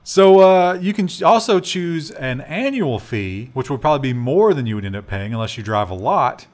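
A man co-hosting a tech news show in a loose, joking way. His pitch swings widely, rising and falling as he chats. He trails off with fillers and laughs at his own jabs. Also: sing-song, moderate pace, a little mellow. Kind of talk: casual tech news banter.

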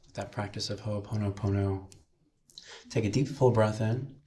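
A man minister leading a slow, soothing guided meditation with breathing cues, then speaking to a chapel congregation. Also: fairly low pitch, fairly even intonation, mellow.

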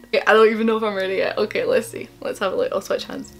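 A woman's voice: mid-range voice, flat delivery, very fast, hardly any pauses. A young woman vlogging an unboxing, gushing and emotional, gasping and giggling as she talks. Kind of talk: excited unboxing vlog.

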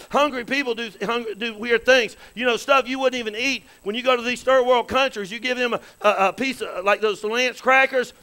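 A man's voice: very high voice, fairly even intonation, fairly quick, hardly any pauses, bright, forceful tone, clear, resonant tone, rough recording. A man pastor preaching a folksy sermon, calling out to the congregation with frequent amens and questions. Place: church sanctuary.

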